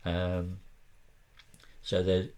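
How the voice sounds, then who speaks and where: A man co-hosting a board game podcast, reading card rules aloud in a measured way. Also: deep voice, completely flat delivery, mellow, smooth. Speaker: podcast co-host. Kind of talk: casual board game discussion.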